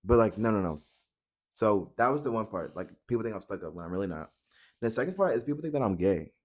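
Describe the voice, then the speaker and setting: A young man hosting a casual podcast chat, loud and outgoing, with many filler likes. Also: fairly low pitch, animated, fast talker. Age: young adult. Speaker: podcast host.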